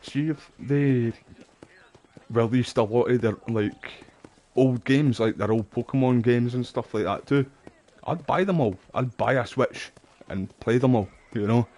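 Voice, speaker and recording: Streamer in his thirties, chatty and rambling, mid pitch. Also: unhurried, mellow. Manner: rambling and chatty, lots of "mate" and "you know". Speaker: gaming streamer. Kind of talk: casual chat over gameplay.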